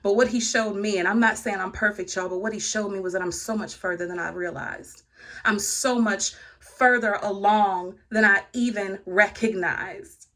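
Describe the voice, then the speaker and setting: A woman's voice: medium pitch, fairly even intonation, normal speed, a bit bright. A woman vlogger giving casual spiritual encouragement indoors, speaking straight to her viewers with a preachy, rhythmic delivery and frequent laughs. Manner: lists virtues in rhythmic runs. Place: indoor room.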